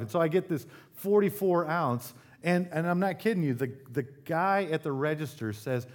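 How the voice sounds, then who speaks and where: A man's voice: on the high side, expressive, moderate pace, hardly any pauses. Male Midwestern pastor, conversational sermon delivery with humorous asides and emphatic peaks. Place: church service.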